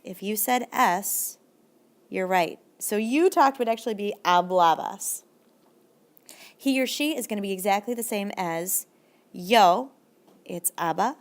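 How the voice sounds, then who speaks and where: Her Spanish examples come slowly and drawn out as this woman teaches a video lesson with an upbeat, supportive manner. She speaks in a mid-range voice.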